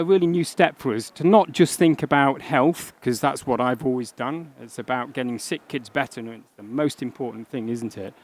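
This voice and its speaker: A middle-aged man from England speaks at a conference in a relaxed, conversational way. His pitch sits in the ordinary middle range, and he often stops with an um or starts a phrase again. He sounds like a pediatric doctor talking to a room of people. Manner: conversational, with frequent ums and restarts. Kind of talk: conference talk.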